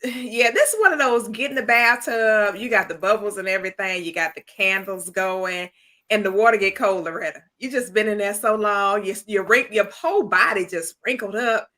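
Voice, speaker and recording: A woman's voice: mid-range voice, moderate pace, pushed and bright. A woman hosting a livestream with a sassy, exuberant manner, full of slang and laughter. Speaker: host of an author celebration livestream. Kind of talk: casual chat. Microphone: streaming mic.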